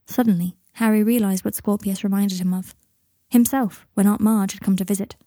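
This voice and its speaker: A woman narrates a story in a calm, even manner. Her voice is mellow and warm. The recording is close and dry. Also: medium pitch, moderate pace, dry recording. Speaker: audiobook narrator. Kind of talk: narrating fan fiction.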